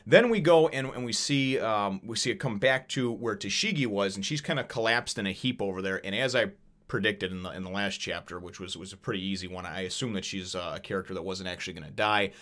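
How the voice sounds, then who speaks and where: Reviewing a manga chapter, this man speaks quickly in a lowish, fairly bright voice. The talk is loose and meandering, laced with curse words, filler sounds and plenty of laughter.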